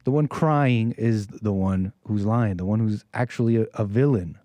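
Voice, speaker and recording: A man's voice: lowish voice, normal speed, warm tone, dry recording. An American man giving rambling, preachy solo commentary, often repeating his phrases. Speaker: streamer commentator.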